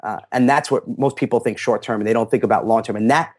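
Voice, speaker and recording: A middle-aged man, a guest in a casual interview, telling animated stories and acting out quotes in a raised voice. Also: medium pitch, quick pace, breathy edge. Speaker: interview guest, fitness marketer.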